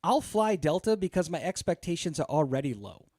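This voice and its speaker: A man's voice: a little high, big pitch swings, fairly quick, darkish tone, no room sound, studio quality. A man hosting a podcast, telling a long, exasperated story in a casual, profane way full of fillers. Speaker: podcast host.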